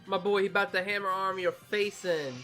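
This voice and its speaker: A gaming YouTuber who just woke up gives an excitable, swearing reaction to a game trailer and stumbles over new names. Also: mid-range voice, brisk, soft background music. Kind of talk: casual reaction commentary.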